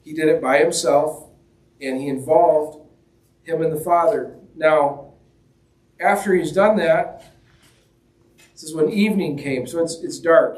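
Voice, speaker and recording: In a church hall, a man with a voice on the high side and a little mellow preaches a sermon in a conversational, joking style, acting out the quoted lines as he goes. The mic sits at a distance, picking up a roomy echo.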